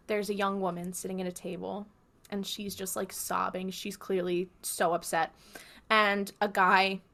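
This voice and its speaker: A woman's voice: medium pitch, fairly bright tone. A young woman co-hosting a podcast, chatting casually and retelling scenes by acting out the characters' lines. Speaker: podcast co-host. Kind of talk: casual recap chat.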